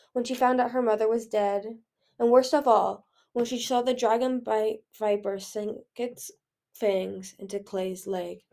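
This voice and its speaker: A woman reading a fantasy novel aloud in an earnest, expressive way. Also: a little high. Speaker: audiobook reader. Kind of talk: storybook read-aloud.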